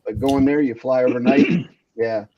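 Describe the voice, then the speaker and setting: A man's voice: medium pitch, steady tone, moderate pace, muffled recording, background noise. A man speaking emphatically and matter-of-factly in a casual chat.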